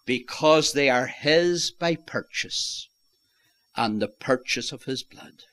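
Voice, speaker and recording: A man's voice: medium pitch, slow pace, fairly bright tone. A man preaching an evangelistic sermon with impassioned emphasis, repeating phrases for stress and quoting scripture in old-fashioned wording.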